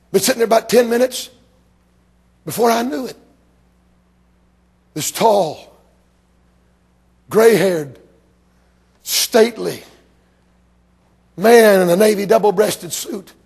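An older man preaching a sermon to a congregation, telling a personal story, swinging between hushed passages and shouted climaxes. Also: high voice, creaky, husky. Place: church before a congregation.

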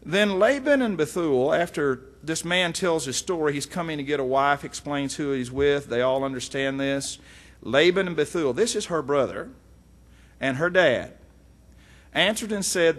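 A middle-aged man, teaching from the Bible in a folksy, animated way with frequent asides. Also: a little high, unhurried. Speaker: preacher.

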